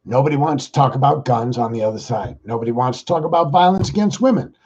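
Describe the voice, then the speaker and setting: A man's voice: medium pitch, expressive, a little mellow, breathy edge, dull audio. A man hosting his own podcast, talking in a rambling, exasperated political monologue. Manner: rambling, exasperated, talks fast. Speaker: podcast host.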